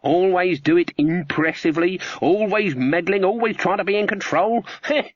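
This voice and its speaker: A proud old witch woman, snappish and scornful, with the voice pushed high above the reader's own, as a man puts her on. She bristles at every remark. The sound is dull and dry. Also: normal speed, dry recording. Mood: scornful, agitated.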